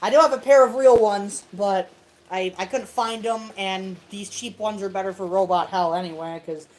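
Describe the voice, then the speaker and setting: A woman's voice: medium pitch, normal speed, poor audio. A woman hosting a casual livestream from a home tabletop setup, self-deprecating and chuckling often. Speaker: host of a toy robot fight livestream.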